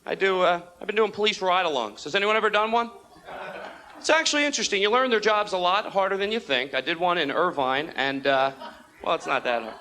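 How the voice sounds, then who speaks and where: A young man doing a stand-up comedy routine on a club stage into a handheld mic, talking fast and animated and slipping into quick character voices. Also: high-pitched. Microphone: handheld stage microphone. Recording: old videotape with audible room noise. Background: audience laughter.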